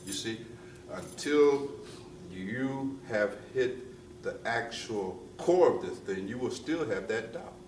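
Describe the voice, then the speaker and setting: A man's voice: medium pitch, expressive, slow pace, a little mellow, a little hiss or hum. A man giving a spiritual discourse to a gathered audience, emphatic and repetitive, often asking "you see?" and slipping into street slang. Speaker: spiritual teacher. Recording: roomy distant mic with faint ambience.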